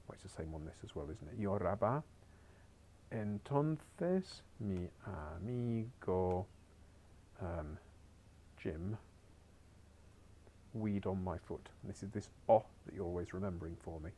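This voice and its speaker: A man's voice: deep voice, warm tone. A man teaching a beginners' Spanish lesson on a recorded screen share, chatty and encouraging with wry asides.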